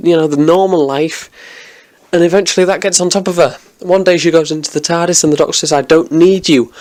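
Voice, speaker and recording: A man giving an enthusiastic, rambling review of a TV episode in a casual vlog, with many restarts. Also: on the high side.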